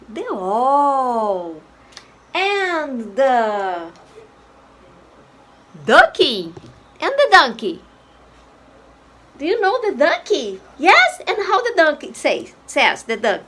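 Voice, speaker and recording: A woman teacher with a Brazilian accent, a native Portuguese speaker, giving a slow, coaxing English lesson to babies. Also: high-pitched, sing-song, fairly bright tone. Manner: slow, coaxing, playful animal noises.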